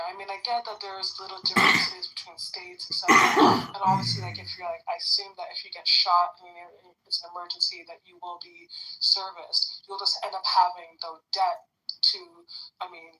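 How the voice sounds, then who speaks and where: Blunt, sharp-toned woman. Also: mid-range voice, expressive, moderate pace, poor audio. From Canada. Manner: blunt, indignant, swears freely. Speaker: panel guest. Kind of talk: casual political debate.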